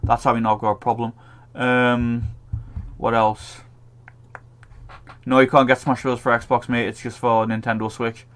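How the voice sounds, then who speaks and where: A man's voice: medium pitch, level tone, a little slow. A man co-hosting a casual gaming chat, swearing freely and laughing often. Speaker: podcast co-host.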